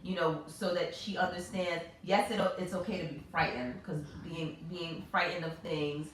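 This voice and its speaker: A woman in her thirties, hosting a casual chat and telling stories in an animated, expressive way. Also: on the low side, normal speed, a little hiss or hum. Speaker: host. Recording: echoey room, mic far off.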